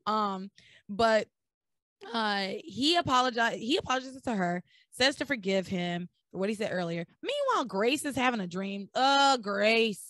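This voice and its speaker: A young woman casually recapping soap opera episodes as a podcast host, acting out the characters' lines in lowered voices. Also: moderate pace, no room sound. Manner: animated storyteller acting out dialogue in lowered voices. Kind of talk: casual chat.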